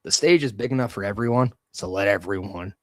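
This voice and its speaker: A man's voice: fairly low pitch, a little fast, no room sound. A man hosting a solo podcast, talking casually and with energy, giving strong opinions as he goes. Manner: energetic, opinionated, loose fantasy-booking talk. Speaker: podcast host.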